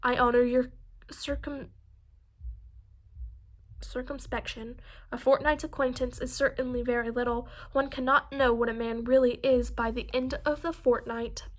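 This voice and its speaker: A woman's voice: fairly high pitch, little pitch movement, moderate pace, natural voice. A woman reading as a wry, teasing older father. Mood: dry teasing. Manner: wry, mildly mocking.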